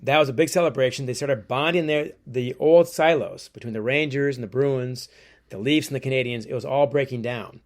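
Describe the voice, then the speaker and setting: A man, an author interviewed as a guest, telling stories in a lively way and acting out quotes. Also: medium pitch, fairly quick. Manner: lively storyteller who acts out quotes. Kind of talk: storytelling interview.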